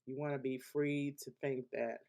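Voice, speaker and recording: Speaking at a moderate pace, a man with a mid-range, slightly mellow voice and little pitch movement delivers a weekly astrology forecast off the cuff. He talks emphatically and loosely, restarting often and laughing between points.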